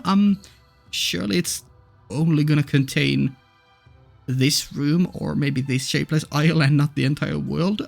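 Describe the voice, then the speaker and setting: A man hosting a let's play, reading a visual novel aloud and chiming in with relaxed, amused commentary. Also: medium pitch, creaky. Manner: relaxed and amused, laughing often, saying sure a lot.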